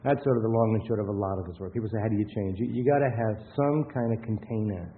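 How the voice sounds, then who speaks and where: A man's voice: fairly low pitch, quick pace. A man giving a lecture with anecdotes in a rambling, conversational way, often restarting his sentences. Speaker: workshop lecturer. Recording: tinny phone-like sound with faint hiss.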